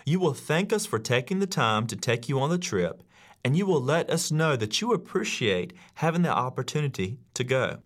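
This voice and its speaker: A man reading his own classroom rules aloud in a measured, instructive audiobook narration. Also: mid-range voice, big pitch swings. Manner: measured, instructive, acts out quoted lines.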